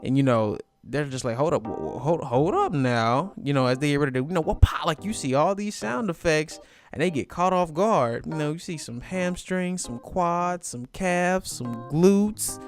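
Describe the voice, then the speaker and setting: A man's voice: on the high side, lively intonation, moderate pace. Laid-back man recapping a manga chapter. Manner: laid-back, chatty, frequent "you know" fillers. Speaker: manga reviewer. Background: background music.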